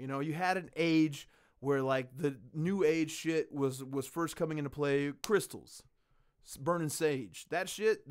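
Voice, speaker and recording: A man hosting a podcast in casual chat, ranting with lots of swearing and animated storytelling. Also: on the high side. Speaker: podcast host.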